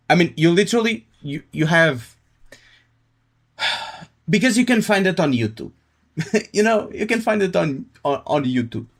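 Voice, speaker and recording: A male livestreamer talking loosely to his chat, laid-back and jokey. He speaks slowly, yet his pitch swings widely, rising and falling as he reacts. The delivery is unscripted and conversational. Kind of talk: casual live-stream chat.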